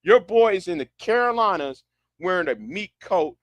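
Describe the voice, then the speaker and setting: Sarcastic man ranting, bright voice. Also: high-pitched, animated, moderate pace, dry recording. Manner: sarcastic, incredulous, repeats himself. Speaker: online commentator. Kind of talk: ranting commentary.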